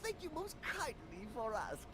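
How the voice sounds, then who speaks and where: A man's voice: very high-pitched, wildly swooping pitch, moderate pace, full character voice. An actor playing a fussy, eccentric old man who guards a machine, hesitant and politely old-fashioned, with giggles in a video game cutscene. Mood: dithering. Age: older.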